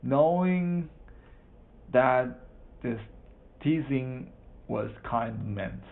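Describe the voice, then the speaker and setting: Slow halting male reader, gravelly voice. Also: mid-range voice, lively intonation. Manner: halting, repeats and corrects words. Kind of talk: practice reading aloud of a children's book. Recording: tinny phone-like sound.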